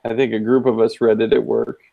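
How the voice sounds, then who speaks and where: Relaxed man co-host with ums. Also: medium pitch, vocal fry, no echo, lo-fi sound. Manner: relaxed, measured, many ums. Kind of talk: casual chat. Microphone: headphones on.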